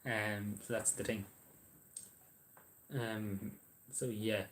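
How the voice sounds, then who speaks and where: A man's voice: fairly low pitch, level tone, drawn-out words. An Irish man chatting casually on a livestream, answering viewers' messages in a rambling, hesitant way with lots of ums and restarts.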